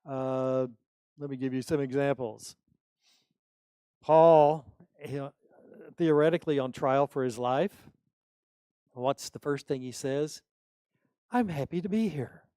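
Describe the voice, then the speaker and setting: A man's voice: medium pitch, fairly even intonation, slow pace, long pauses, warm tone, clean tone, dry recording. A middle-aged man preaching a sermon, reading scripture aloud and explaining it in conversational asides.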